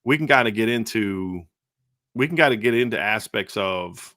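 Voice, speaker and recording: A man's voice: fairly low pitch, lively intonation, normal speed, bright, forceful tone, dry recording, clean studio sound. A man co-hosting a casual sports talk show, conversational and prone to repeating words as he starts a thought. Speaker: co-host.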